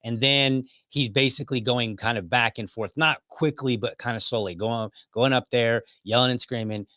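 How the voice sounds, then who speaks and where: A man's voice: mid-range voice, steady tone, normal speed, sharp tone, no echo. A man hosting a podcast, telling a story casually with many restarts and asides. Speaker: podcast host.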